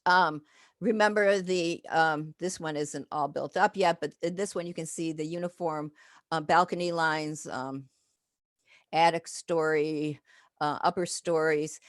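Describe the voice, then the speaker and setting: A woman's voice: low voice, fairly even intonation, a little slow, dry recording, clean studio sound. An older woman, a professor, giving a chatty, digressive slide lecture full of fillers and asides.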